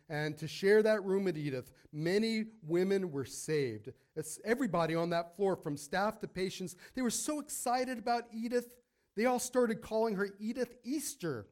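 A male pastor telling a long story from the pulpit, fairly high-voiced for a man. He calls out to the congregation and pulls them in. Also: normal speed, a little mellow. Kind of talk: sermon storytelling.

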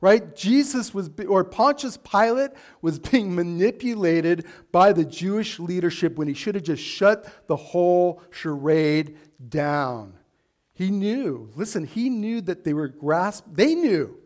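Man, pastor, high voice, emphatic sermon, rhetorical questions, church. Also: lively intonation, a little slow, a little mellow.

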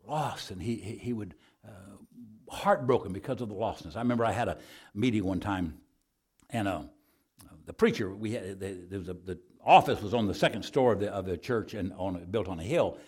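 A man from Arizona, preaching a sermon in a folksy storytelling way and easing into a soft altar call. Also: lowish voice, a little fast, husky.

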